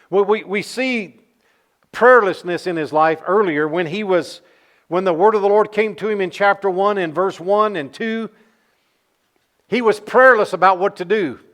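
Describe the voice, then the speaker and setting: High-voiced man preaching a folksy sermon. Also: fairly bright tone. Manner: folksy storytelling with rhetorical questions to the congregation. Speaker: pastor.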